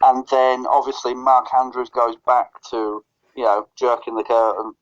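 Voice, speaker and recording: A man co-hosts a podcast in loose, casual chat, tripping over his words and starting sentences again. His voice sits at a middling pitch. The recording sounds muffled and lo-fi. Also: level tone, normal speed. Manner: stutters and restarts phrases. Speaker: podcast co-host. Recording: lo-fi dull recording.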